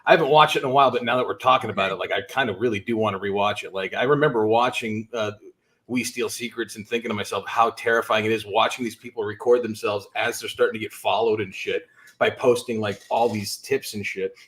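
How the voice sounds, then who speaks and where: Laid-back, low-voiced man chatting on a stream. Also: steady tone, fast, a bit bright. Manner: easygoing storyteller, swears freely. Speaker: stream co-host. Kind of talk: casual chat.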